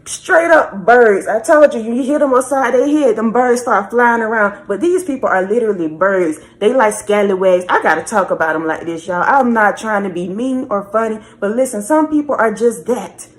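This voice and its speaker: A woman's voice: a little high, moderate pace, hardly any pauses. A woman giving a spiritual message reading in a repetitive, preachy way, often calling the listener baby. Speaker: spiritual reader.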